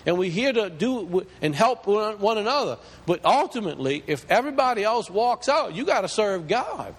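Man, pastor, high voice, lively pitch, church hall reverb. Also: husky. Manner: impassioned preaching, rising pitch as he builds. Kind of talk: sermon. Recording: long reverb of a large hall.

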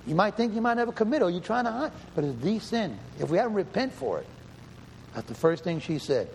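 A man's voice: sits high, sing-song, fast, gravelly, a little hiss or hum. A man preaching a sermon and reading scripture aloud, emphatic and questioning, often repeating himself. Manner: emphatic, repeats and rephrases, asks the room questions. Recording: hall reverb, faint ambience.

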